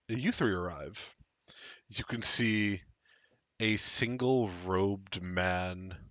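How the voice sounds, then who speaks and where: A man narrating as game master in a slow, descriptive way. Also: lowish voice, pushed and bright, no room sound.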